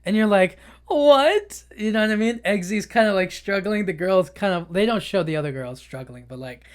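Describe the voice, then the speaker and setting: A man's voice: high-pitched, fairly quick. A man hosting a podcast, casually retelling a film in a rambling way, full of filler words, with frequent laughs. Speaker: podcast host. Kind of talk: casual movie recap.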